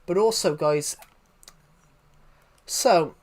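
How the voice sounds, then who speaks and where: A man's voice: high voice, very slow. A man with a Southwest English accent chatting casually on a live stream, rambling and answering viewers' messages. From England. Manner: rambling, restarts often, answers chat.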